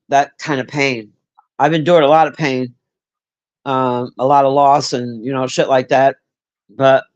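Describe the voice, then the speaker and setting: On a muffled recording, a medium-pitched man streams and talks loosely with viewers, swearing freely, filling his rambling with fillers, and answering people in chat by name.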